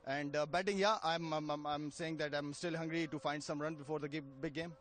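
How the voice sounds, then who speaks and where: Man, cricketer, interview, halting, fillers, raised pitch. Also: fairly even intonation, a bit bright. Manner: halting, many fillers and restarts. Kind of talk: post-match style interview.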